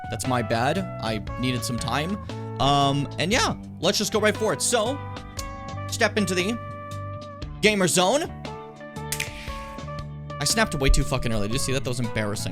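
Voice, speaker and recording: Rambling, self-mocking young male streamer. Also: medium pitch. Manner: rambling, self-mocking, frequent swearing and fillers. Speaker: streamer, host of his own channel. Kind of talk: casual gaming-stream chat.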